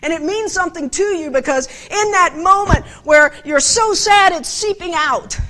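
A woman delivers a conversational sermon in a high, bright voice. She preaches with animated emphasis and keeps turning to her listeners with direct questions. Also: normal speed, few pauses.

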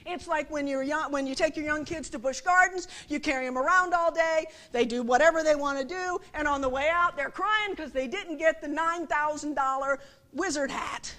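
A woman's voice: high-pitched, moderate pace, sharp tone. A middle-aged woman giving a conversational sermon, often asking the audience rhetorical questions and acting out quotes. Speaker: speaker at a church service.

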